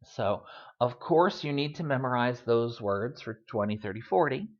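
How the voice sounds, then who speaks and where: A teacher giving a recorded language lesson, patiently sounding out words slowly and repeating them for learners. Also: medium pitch, expressive, darkish tone, highs cut off. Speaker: Spanish teacher.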